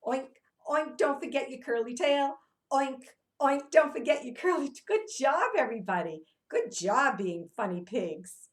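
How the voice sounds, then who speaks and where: Animated, coaxing woman reading to kids. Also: a little high, moderate pace, hardly any pauses. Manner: animated, coaxing, sing-song chants, asks children questions. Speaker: children's movement teacher. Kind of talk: interactive read-aloud for young children.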